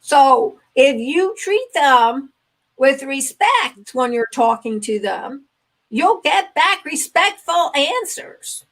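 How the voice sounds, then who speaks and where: Gravelly older grandmother telling stories. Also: high voice, very animated, slow, a bit bright, rough recording. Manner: earnest storytelling, acts out dialogue. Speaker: grandmother guest. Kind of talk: conversational talk radio guest.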